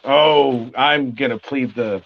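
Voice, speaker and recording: A man from Brooklyn with a Brooklyn accent, joking and animated as a talk show guest. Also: mid-range voice, slow. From Brooklyn, USA. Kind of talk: casual chat. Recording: lo-fi call audio with faint noise.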